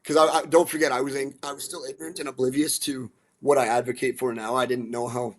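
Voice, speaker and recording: A man from central Alberta talking casually as a guest, animated and blunt, swearing now and then, restarting and repeating words. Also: medium pitch, fast talker. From central Alberta, Canada. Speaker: guest, musician and dog rescue advocate. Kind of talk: casual storytelling.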